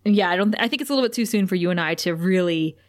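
A woman's voice: lowish voice, expressive, very fast. A woman co-hosting a casual podcast, recapping an episode and laughing often as she retells the scenes. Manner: laughs often, acts out quotes loosely. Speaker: podcast co-host.

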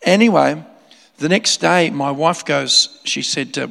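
A male preacher tells a story from the pulpit, his voice slightly high and gravelly with fry. He restarts his sentences often and breaks into laughing asides. The sound rings with the long reverb of a large hall. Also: measured pace, bright, forceful tone. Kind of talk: sermon storytelling.

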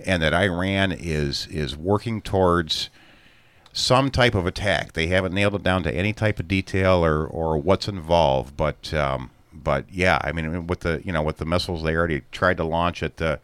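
A man co-hosting a casual talk show, speaking haltingly and often repeating words. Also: low voice, fairly bright tone, clear, resonant tone, no echo. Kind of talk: casual chat.

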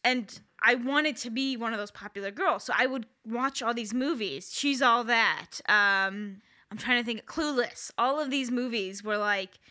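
A woman in her thirties chatting casually as a podcast co-host, with a bright, crisp, slightly high voice. She tells her stories in a candid, wry, self-deprecating way. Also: a little slow. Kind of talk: casual chat.

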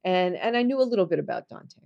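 A woman telling a personal story in conversation, earnest, going soft and low on serious moments and jumping high when she quotes people. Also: quick pace, vocal fry, highs cut off. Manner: animated, jumps high when quoting people.

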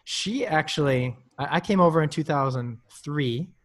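A man in his thirties from North Dakota, a guest on a ministry podcast, chatting casually and telling jokey stories. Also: moderate pace. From North Dakota, USA. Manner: jokey storyteller, pitch jumps when telling anecdotes.

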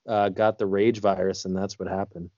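A man's voice: low voice, flat delivery, moderate pace, a little mellow, no room sound, highs cut off. A man co-hosting a casual movie podcast, telling rambling stories with crude jokes. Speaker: podcast co-host.

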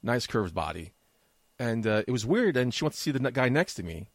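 Brief: middle-aged male podcast co-host, quick lively delivery, dry close sound, teasing. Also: mid-range voice, no echo. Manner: teasing, mock-offended, fast joking. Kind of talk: casual banter.

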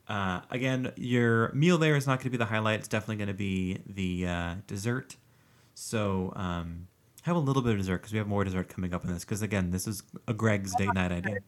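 A man talking casually as a podcast co-host, his voice sitting on the low side. He rambles with plenty of fillers and likes to poke fun at himself. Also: fairly quick. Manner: joking, self-mocking, rambling with fillers. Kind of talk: casual chat.

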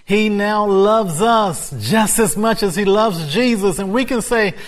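Slow, emphatic male preacher. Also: high voice. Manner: repetitive, emphatic, bursts into laughter. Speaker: pastor. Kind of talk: sermon.

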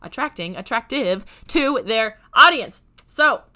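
A woman podcast host with a raspy, hoarse voice, giving energetic, direct business advice and repeating points for emphasis. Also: on the high side, a little slow. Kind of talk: solo podcast, upbeat motivational talk.

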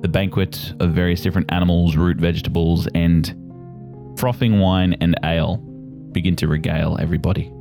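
Deep-voiced male game master. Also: a little fast, vocal fry, soft background music. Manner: relaxed, descriptive narration. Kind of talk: narrating a tabletop game.

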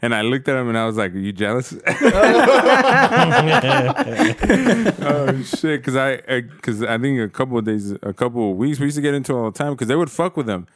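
A man's voice: mid-range voice, expressive, brisk. A man casually telling a profane story to friends, laughing as he goes.

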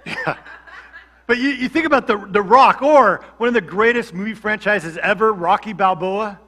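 A man's voice: sits high, moderate pace, pushed and bright. A man, a pastor from Georgia, preaching a sermon in a conversational way with humorous asides. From Georgia, USA.

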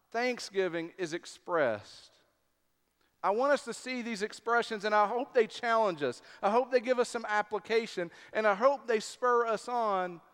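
A man preaching a sermon as pastor, deliberate and emphatic, pausing on key words. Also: high-pitched, fairly bright tone, clean tone. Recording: long hall reverb.

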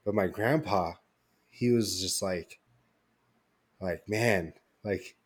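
A man's voice: sits low, slow pace, breathy edge. A young man co-hosting a podcast, telling a story in casual chat with lots of fillers and restarts. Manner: rambling storytelling with many fillers. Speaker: podcast co-host.

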